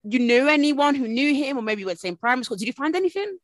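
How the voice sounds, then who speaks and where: A woman's voice: high-pitched, animated, rapid-fire, dry recording. A woman hosting a casual podcast chat, talking in loose, rambling sentences full of fillers and restarts. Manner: chatty, storytelling, hedging with fillers. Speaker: podcast host.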